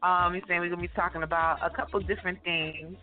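A woman hosting a call-in radio talk show in a loose, casual way, full of fillers, with a deep morning voice after a late night. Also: little pitch movement, fast. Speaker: host. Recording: tinny phone line with faint music.

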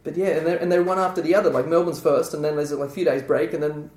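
Chatty Australian host, higher voice. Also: male voice, steady tone, fast talker, darkish tone, far from the mic. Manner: chatty, trailing off, many fillers. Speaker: podcast host. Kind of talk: casual podcast conversation. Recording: echoey room.

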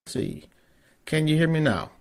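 A man's voice: on the high side, very animated, moderate pace, creaky. Male podcast host, loose and profane, casual interview chat.

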